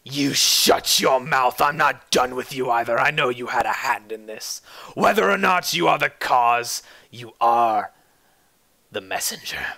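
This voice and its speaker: A man voicing a huge, menacing blacksmith with a low, muttering lilt. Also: steady tone, fast, hardly any pauses, pushed and bright, rough recording. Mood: threatening.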